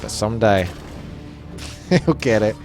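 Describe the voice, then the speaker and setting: A man's voice: lowish voice, animated, slow pace, a little mellow, faint music behind. A man casting a live strategy game match, chatty and analytical. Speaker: esports caster.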